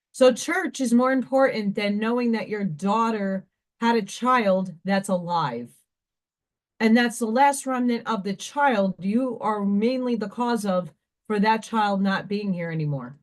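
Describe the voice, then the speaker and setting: Woman, craft stream host, high pitch, emotional rambling rant, tearful edge. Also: unhurried. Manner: emotional, ranting, repeats herself. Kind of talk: casual live-stream monologue.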